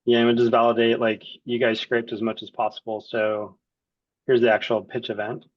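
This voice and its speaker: A man acting as the client, casually walking through a software demo and thinking aloud as he clicks around. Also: mid-range voice, monotone, normal speed, no echo, muffled recording.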